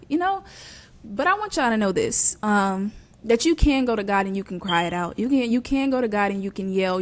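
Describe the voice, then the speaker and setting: Young adult woman, host, earnest conversational testimony, mid-range voice, loose and chatty. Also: mid-range voice. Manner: earnest and conversational, many fillers. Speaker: podcast host. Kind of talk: personal faith testimony.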